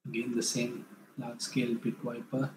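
A man from India, presenting wildlife photos in a talk, often pausing and correcting himself, livelier when retelling a story. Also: mid-range voice, completely flat delivery. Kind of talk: illustrated talk. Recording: echoey room, faint background noise.

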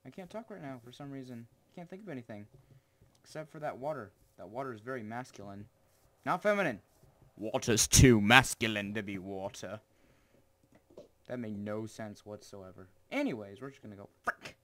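A teenage boy hosting his own gaming channel, rambling through gameplay commentary with jokes and sudden excited yelps. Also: mid-range voice, brisk, a little hiss or hum. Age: teens.

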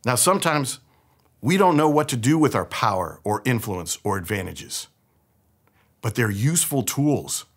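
Pastor, man from the Bay Area, middle-aged, storytelling sermon with a lively, animated pitch and casual humor. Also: moderate pace. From San Francisco Bay Area.

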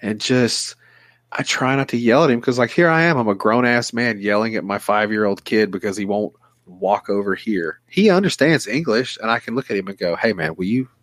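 A man's voice: on the low side, fairly quick, a bit bright, no room sound. A man co-hosting a podcast, chatting casually and venting with heated profanity and laughter. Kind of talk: casual chat.

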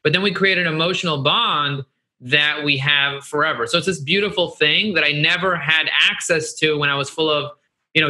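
A middle-aged man speaks in an earnest, animated way as an interview guest. His voice is bright and forward, a little higher than most men's. He repeats phrases for emphasis and talks candidly. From United States. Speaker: guest, marketing agency CEO.

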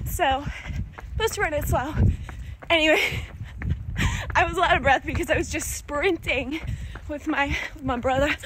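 Young woman, bubbly chatty vlogger, high voice, noisy outdoor phone recording. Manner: bubbly, chatty, laughs often. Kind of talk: casual video diary. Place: outdoors on a road while running.

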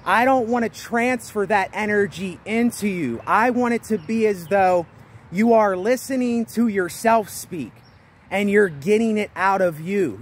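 A man vlogging outdoors, giving emphatic, repetitive motivational self-talk and raising his voice a little over the noise around him. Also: sits high. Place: outdoors near traffic.

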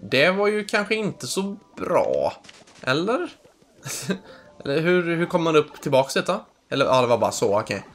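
A man's voice: fairly high pitch, very animated, moderate pace, faint music behind. Man musing aloud over a game. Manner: unsure, thinking aloud, chuckling. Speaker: gaming channel host. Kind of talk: casual let's play commentary.

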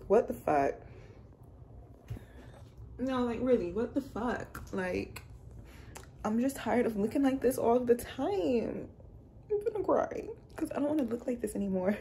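A woman's voice: medium pitch, creaky, warm tone, slightly rough. A woman, talking casually and bluntly to her vlog camera while she drives, full of slang and swearing. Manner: blunt, profane and chatty, uses slang like girl and y'all. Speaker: vlogger. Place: in a car while driving. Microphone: phone camera. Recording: car noise in background.

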